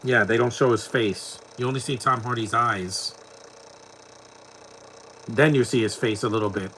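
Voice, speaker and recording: A man's voice: mid-range voice, fairly even intonation, moderate pace, bright, forceful tone, slight background noise. A man giving casual live commentary over a movie, mocking scenes and laughing often.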